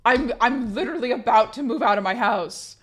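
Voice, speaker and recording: Hoarse woman streamer chatting. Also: fairly high pitch, brisk. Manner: chatty, profane, laughing, reading chat aloud. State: hoarse from being sick. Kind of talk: casual live-stream chat.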